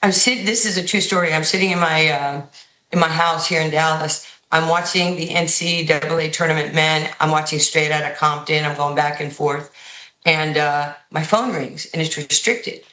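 A woman coach with a New York accent tells stories in an interview, acting out the people she quotes. Her voice is bright and forceful. The sound is roomy, with echo around her. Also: sits low, normal speed. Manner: animated storyteller who acts out quoted voices. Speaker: basketball head coach. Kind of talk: radio and TV interview guest, storytelling.

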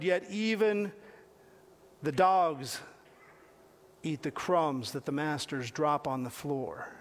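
Man, conversational preacher with a high voice, asks the congregation questions and repeats phrases. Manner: talks directly to listeners with questions, repeating phrases. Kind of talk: conversational sermon.

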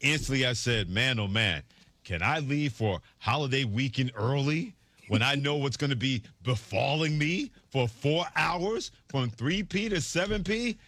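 A man's voice: mid-range voice, expressive, measured pace, fairly bright tone, dry recording. A man hosting a sports radio show, delivering a sarcastic, theatrical monologue.

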